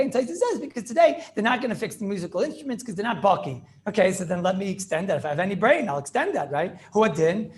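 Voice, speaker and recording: A man teaching an informal class, talking fast and repeating himself and quizzing his students. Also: high voice, gravelly. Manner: rapid, repetitive, asks the class questions.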